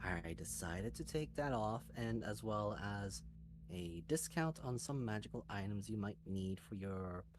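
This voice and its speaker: A small, shrill female cat who is really a dragon demigod chatters on with fillers and asides, as a man voices her in a tabletop game. Her voice sits a bit low underneath, with a faint hiss of noise behind. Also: expressive, unhurried. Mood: chatty. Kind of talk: tabletop role-play voicing.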